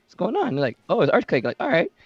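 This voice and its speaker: Animated fast-talking man, muffled audio. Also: sits high, breathy edge, no room sound. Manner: animated, joking, swears freely. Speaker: podcast co-host. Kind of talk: casual podcast chat.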